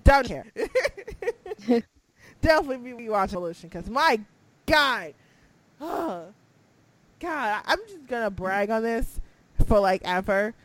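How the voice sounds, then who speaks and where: Young woman, casual wrestling chat, excitable, laughs a lot, pitch jumps all over. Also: slow pace, pauses often. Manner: excitable, laughing, swings from mumbling to squealing. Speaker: podcast co-host.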